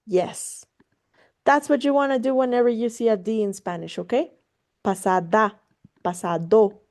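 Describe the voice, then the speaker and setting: A woman with a fairly high, darkish voice and lively intonation gives a one-on-one Spanish lesson over a video call at normal speed. She keeps it casual and encouraging, alternating English and Spanish, quick to laugh and to swear in passing.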